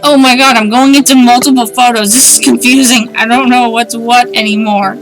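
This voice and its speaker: A woman streamer with a slightly high voice talks through a game in a loose, wry way, muttering thoughts and reading text aloud. Faint game music sits quietly under her voice. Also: steady tone, brisk, few pauses. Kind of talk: casual let's-play commentary.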